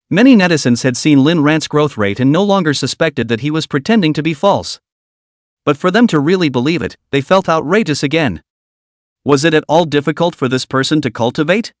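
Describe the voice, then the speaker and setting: A man reading a story recap as scripted narration, in a steady, even reading pace. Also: on the high side, no room sound, clean studio sound.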